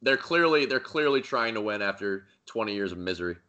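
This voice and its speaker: Bright, excitable young man joking. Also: lowish voice, fairly quick, lo-fi sound. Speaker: podcast co-host. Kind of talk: casual sports podcast chat.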